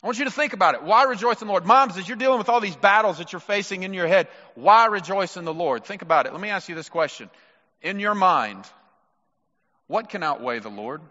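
A man's voice: sits high, lively intonation, brisk, pushed and bright. A male pastor preaching a sermon, emphatic and repeating key words for stress. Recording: dull lo-fi sound with long hall reverb.

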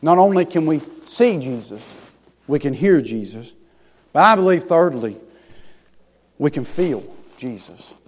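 Man, pastor, sermon, high voice, folksy phrasing, hushed then loud emphasis, long hall echo. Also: animated, measured pace, pauses often. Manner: swings between hushed tender lines and loud rising emphasis. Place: church sanctuary.

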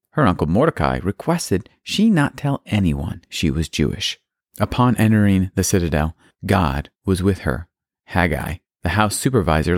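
Man with a really low voice telling a kids' bible story, dry close sound. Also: darkish tone, no room sound. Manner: playful asides, plain telling. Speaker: narrator.

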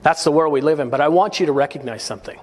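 A man preaching a sermon as pastor, earnest and exhorting, with quick chuckles between points. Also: on the high side, a little mellow, big-room sound. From United States. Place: church sanctuary.

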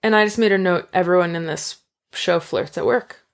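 A woman's voice: on the low side, moderate pace, creaky. A woman co-hosting a podcast, casually recapping a TV episode with a playful, detail-minded manner. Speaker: podcast co-host. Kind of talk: casual chat recapping a TV show.

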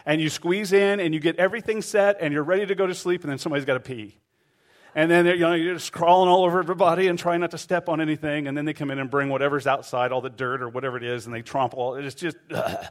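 Male pastor, middle-aged, lively storyteller in a sermon, slightly higher voice. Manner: animated storytelling, acts out voices.

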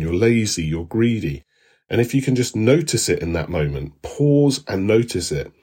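Calm, husky-voiced male instructor. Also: fairly low pitch. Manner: calm, reassuring, repeats soothing phrases. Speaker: course instructor. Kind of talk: recorded lesson narration.

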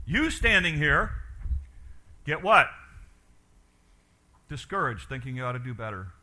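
Bright-voiced male preacher, animated. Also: fairly high pitch, unhurried, long pauses. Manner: animated preaching, asks the congregation questions. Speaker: pastor. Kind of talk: sermon.

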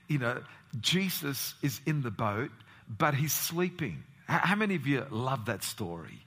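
A man's voice: medium pitch, fairly bright tone. A pastor preaching a sermon, asking rhetorical questions and swinging his voice up and down.

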